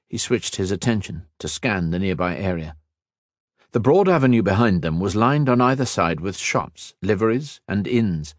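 A man narrating a fantasy audiobook in a measured, expressive way. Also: lowish voice, no room sound, studio quality.

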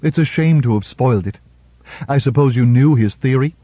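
A man voicing a dry, perceptive woman scientist, speaking crisply, in an audiobook reading. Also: medium pitch, normal speed, dry recording, lo-fi sound, close to an everyday voice. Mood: dry, probing.

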